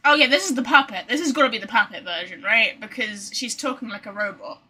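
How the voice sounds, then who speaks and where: A woman's voice: on the high side, fast, sharp tone, husky. A woman streaming a video game, chatting casually, swearing freely and talking to her cat. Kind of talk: casual gameplay commentary.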